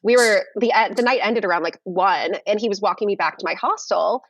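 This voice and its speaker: A woman's voice: medium pitch, brisk, dull audio. Chatty young woman telling a dating story. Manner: animated, many fillers and restarts. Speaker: guest. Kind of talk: casual storytelling chat.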